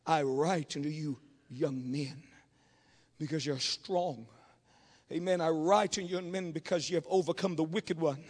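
A man's voice: a little high, fairly even intonation, unhurried, big-room sound. A man preaching a Pentecostal revival sermon, telling stories and calling on the congregation to respond. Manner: storytelling preacher, calls on the congregation.

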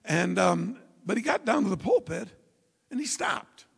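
A male preacher delivering a fervent shouted sermon and telling stories to his congregation in a church. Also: high-pitched, very animated, a little slow, creaky, slightly rough, in a large hall. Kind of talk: evangelistic sermon. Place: church sanctuary.

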